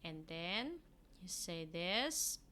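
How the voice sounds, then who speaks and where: Slow, bright Filipino woman teacher. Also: on the low side, sing-song, slight background noise. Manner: slow, repeats each word twice, switches between English and Tagalog. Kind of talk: recorded reading lesson for children.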